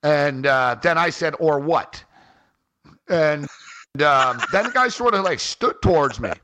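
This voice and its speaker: A man's voice: a little high, normal speed. A man co-hosting a sports radio show, telling a rambling story in casual chat and peppering it with "like" and "man". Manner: animated, rambling, frequent "like" and "man". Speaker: fantasy sports radio co-host. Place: on a trip in Halifax.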